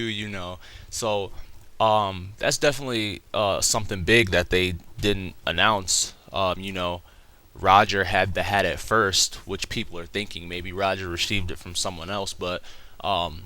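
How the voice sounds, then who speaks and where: A young man ambles through a casual comic review, swearing freely as he goes. His voice sits a little low but comes across bright and crisp. He tells the story in a loose, rambling way. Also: fairly even intonation, normal speed. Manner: rambling, profane, laughing retelling. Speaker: manga reviewer.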